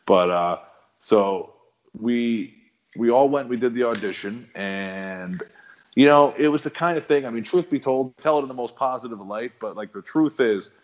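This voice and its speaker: A middle-aged man telling a long story in a relaxed, rambling, slangy way as a guest on a chat show. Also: mid-range voice, moderate pace, highs cut off. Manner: rambling, laid-back, slangy. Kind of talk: casual storytelling.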